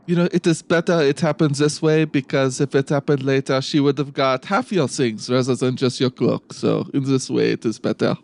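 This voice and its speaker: A man voicing Papa Gaston, a gentle, forgiving father who reassures his child in calm, formal phrasing. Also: mid-range voice, moderate pace, gravelly, few pauses, natural voice. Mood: reassuring.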